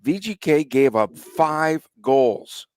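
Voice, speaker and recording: A man's voice: on the high side, expressive, slow pace, darkish tone, smooth, no room sound. A man hosting a sports podcast in casual chat, conversational and asking his co-host questions.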